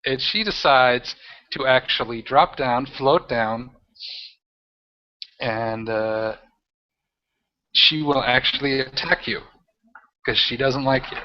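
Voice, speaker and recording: Here the game master of a tabletop RPG narrates with a mid-range voice, speaking in stop-start, wandering spurts full of restarts. The sound quality is dull lo-fi.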